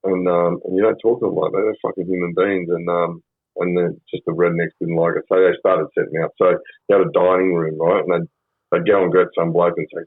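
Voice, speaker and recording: A man's voice: sits low, level tone, fast talker, husky, dry recording. Australian man, fifties, podcast guest, rambling profane storytelling, dry close sound, tinny phone-like audio. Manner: rambling, profane, frequent ums. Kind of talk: casual storytelling interview. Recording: phone-like band-limited sound.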